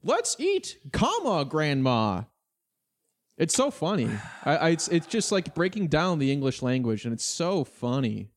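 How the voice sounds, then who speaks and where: A man's voice: a little high, normal speed, few pauses. A man co-hosting a casual comedy chat, mock-serious and swearing freely. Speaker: podcast co-host.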